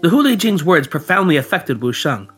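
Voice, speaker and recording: A man narrating folk ghost tales in a measured, dramatic storytelling manner. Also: a little high, very animated, a bit bright, husky, soft background music. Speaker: podcast storyteller.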